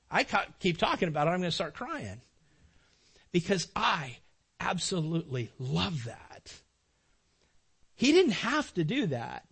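A middle-aged man with a fairly high voice preaches a sermon in a church sanctuary. He is animated and emotional. He drives his points home by repeating phrases. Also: breathy edge. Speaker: pastor.

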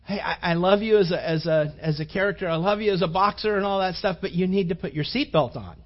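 A man's voice: sits high, fast talker, muffled recording, close to an everyday voice. A man acting out a polite woman flight attendant who keeps asking a passenger to buckle up. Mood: pleading. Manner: polite pleading.

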